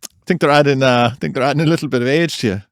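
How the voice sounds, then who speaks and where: A man's voice: medium pitch, rapid-fire, no room sound, clean studio sound. An Irish man co-hosting a podcast, joking and riffing on comic ideas in casual chat. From Ireland. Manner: playful, teasing, riffs on comic ideas. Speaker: podcast co-host.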